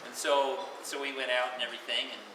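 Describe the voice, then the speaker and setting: A man's voice: mid-range voice, flat delivery, fast. A man at his retirement party telling stories in a chatty, rambling way, laughing now and then, recorded from far off in an echoey, noisy hall. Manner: chatty, full of filler and restarts, laughing. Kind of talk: casual storytelling.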